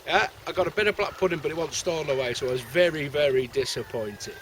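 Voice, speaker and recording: A man's voice: on the high side, fast talker. A man, rambling and joking in casual chat to camera while fishing at a lake. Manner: rambling, chatty, jokey. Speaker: carp angler vlogger. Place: outdoors by a lake, winter fishing camp. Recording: noisy outdoor recording.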